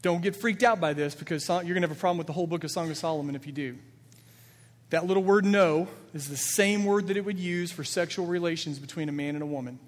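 A man's voice: a little high, fast talker. A man preaching a sermon as a pastor, earnest and building emphasis as he quotes scripture with feeling. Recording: long reverb of a large hall.

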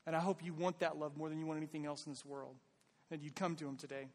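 A man's voice: fairly high pitch, flat delivery, fast talker, long reverb tail. A man preaching a sermon as pastor, earnest and conversational, pleading with his listeners.

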